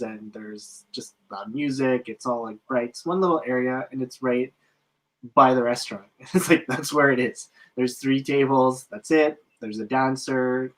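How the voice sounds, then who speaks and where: A man's voice: mid-range voice, a bit bright, rough recording. A man, a casino dealer, chatting and laughing through his work stories. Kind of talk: casual chat.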